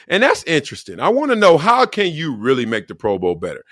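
A man's voice: mid-range voice, huge pitch swings, brisk, few pauses, a bit bright, no echo, clean studio sound. A middle-aged man hosting a casual sports show, talking in slang and acting out quotes in different voices. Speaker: host.

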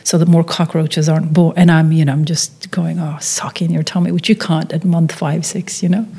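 A woman's voice: deep voice, steady tone, normal speed, mellow, breathy edge. A woman, a documentary filmmaker, telling a personal story in conversation, acting out the quotes with frequent restarts.

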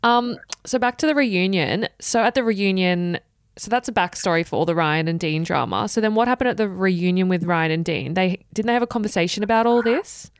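A woman's voice: mid-range voice, fairly quick, clean tone, no echo, clean studio sound. A woman hosting a casual interview, chatty and gossipy, swearing casually. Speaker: podcast host.

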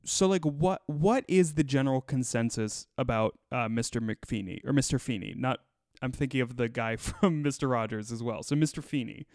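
Podcast co-host, male, smooth clear voice, upbeat and chatty, dry close mic. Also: medium pitch, normal speed, dry recording. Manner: animated, enthusiastic, laughs often. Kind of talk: casual chat.

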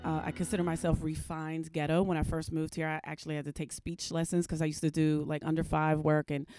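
A woman's voice: deep voice, fast, no room sound, soft background music. A woman comedian, a podcast guest, telling a story in casual chat and acting out the other people in it. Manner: animated storyteller, acts out dialogue with shifting voices.

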